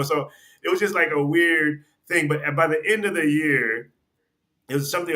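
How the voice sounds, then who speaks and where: A man's voice: on the high side, pushed and bright. A man guest on a podcast, telling a long story in a casual, rambling way, restarting sentences and acting out what people said. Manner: rambling, restarts sentences, acts out quoted dialogue; conversational, with frequent "you know" and "like".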